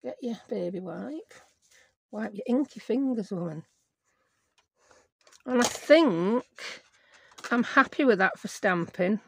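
Middle-aged woman, craft host, rambling self-talk, slight gravel. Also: mid-range voice, lively intonation, slow pace, pauses often, a little hiss or hum. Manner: rambling, self-mocking, talks to herself while working. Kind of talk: chatty crafting tutorial.

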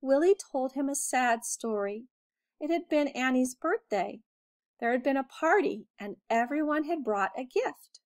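A woman teacher reading a children's picture book aloud with expressive storytelling. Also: high voice, a little slow.

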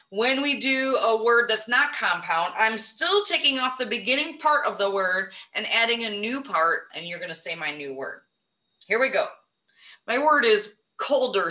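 A woman teaching a phonics lesson to young children, encouraging them and modeling each word slowly. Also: medium pitch, sharp tone, echoey room. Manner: encouraging, drawn-out modeling of words.

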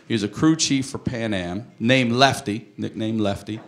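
A male stand-up comedian from the United States, telling a crude, animated story on a comedy club stage into a handheld mic. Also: lowish voice, moderate pace. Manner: animated storytelling, crude jokes, bursts into shouted voices. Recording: live club recording, roomy, loud audience laughter.

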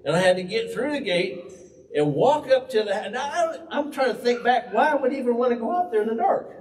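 A man's voice: extremely high pitch, fairly quick, slight background noise. A man preaching a folksy, humorous storytelling sermon in a church. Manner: animated, humorous, conversational. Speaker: pastor. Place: church hall. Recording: roomy hall, distant mic.

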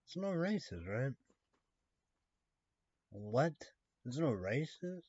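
A man talks slowly through a rambling vlog monologue, leaning on filler phrases and breaking into curses when something shocks him. His voice sits mid-range. The recording is dry and dull, with a lo-fi sound. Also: medium pitch, sing-song, a little mellow, husky, dry recording. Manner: rambling, repeats "you know", swears when outraged. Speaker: vlogger.

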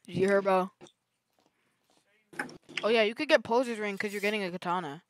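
A woman's voice: medium pitch, fairly quick, slight background noise, poor audio. A woman gaming with a friend in casual chat, playful and teasing, laughing often. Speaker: gamer.

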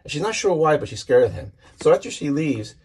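A man's voice: fairly high pitch, sing-song, quick pace, darkish tone, slightly rough. A man casually walking through a comic book issue page by page, enthusiastic and rambling, often restarting his sentences.

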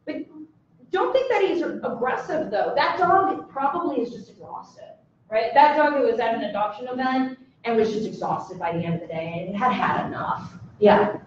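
A high-voiced woman teaching a class, animated and playful, often slipping into little voices for dogs and people. She is heard from a distance in a very echoey room with a dull sound. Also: moderate pace, a little hiss or hum. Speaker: dog trainer. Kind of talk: lecture to a live audience. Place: presentation room with audience.

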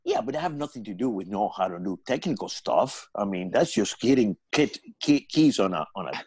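Lively older man with Spanish accent. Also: fairly low pitch, brisk, husky, no room sound. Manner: animated, laughing storyteller. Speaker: guest comedian. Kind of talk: casual storytelling. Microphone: video call.

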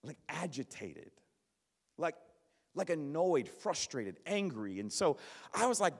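A man's voice: fairly high pitch, unhurried. Male pastor telling a funny story, bouncy voice, lots of echo from a big church hall. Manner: animated, self-deprecating, joking. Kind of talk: sermon with personal storytelling. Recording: long reverb of a large hall.

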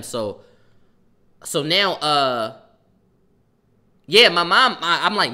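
A young man telling a story on a livestream in casual chat, animated and profane, breaking off to react to viewers' comments. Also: mid-range voice, moderate pace.

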